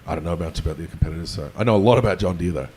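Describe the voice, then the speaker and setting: Low casual man telling panel anecdotes. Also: racing, a little mellow, husky. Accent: non-American. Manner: casual, anecdotal, swears offhandedly. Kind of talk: conference panel discussion.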